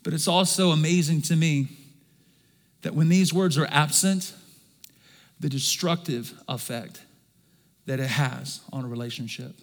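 High, bright-voiced man preaching in a hall. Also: unhurried, long pauses. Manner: swings from soft and low to loud and emphatic, calls for congregation response. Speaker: pastor. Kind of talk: sermon. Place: large church hall. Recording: long hall reverb.

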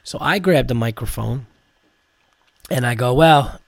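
A New York comedian and podcast host, tired from medicine, tells a rambling, profane story full of restarts. His medium-pitched, creaky voice has lively intonation and an unhurried pace, recorded at studio quality with no echo.

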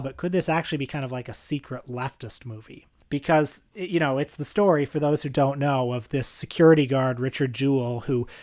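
Wry rambling podcast host man. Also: mid-range voice. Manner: wry, self-mocking, rambling storyteller. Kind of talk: casual podcast chat.

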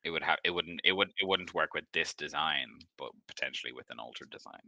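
Man GM, deep and bright, loose rambling narration, dry mic. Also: fast, no room sound. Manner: rambling, filler-heavy description. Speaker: game master. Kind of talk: narrating a tabletop game.

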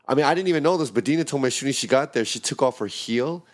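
Man, rapid-fire, casual bar story, profane, animated. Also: medium pitch. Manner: animated, profane, acts out shouting in quotes. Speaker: bartender telling a story. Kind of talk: casual storytelling among friends.

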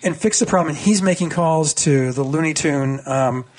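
A man in his sixties, a radio guest in casual political chat, excitable, with his voice climbing high and many restarts. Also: normal speed. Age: 60s.

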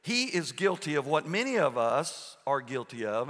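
A man preaching a sermon as pastor, earnest, with pauses and restarts. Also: medium pitch, a bit bright, big-room sound.

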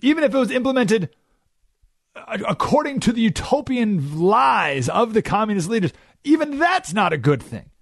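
Animated, emphatic male radio host. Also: high-pitched, moderate pace, gravelly, no room sound, studio quality. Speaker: radio talk show host. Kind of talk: opinionated radio monologue. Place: radio studio.

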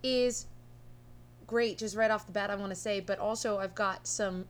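A woman's voice: mid-range voice, fairly even intonation, normal speed. A woman co-hosting a casual film review podcast, playful and jokey with frequent giggles. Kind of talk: casual chat.

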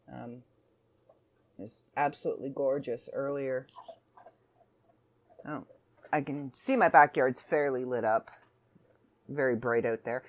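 A woman's voice: extremely low pitch, a little mellow. A woman hosting a casual solo podcast from home, chatting in a rambling, self-interrupting way. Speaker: podcast host.

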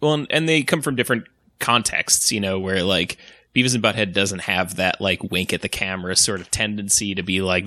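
A man co-hosting a casual podcast chat, rambling and animated, laughing often. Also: low-pitched, fairly quick, dry recording. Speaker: podcast co-host.

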